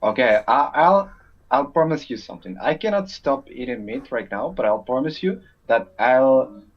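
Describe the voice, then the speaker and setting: A man's voice: mid-range voice, lively intonation, normal speed, highs cut off. A man stopped on the street, talking in an agreeable, hesitant way with many fillers. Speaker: passerby.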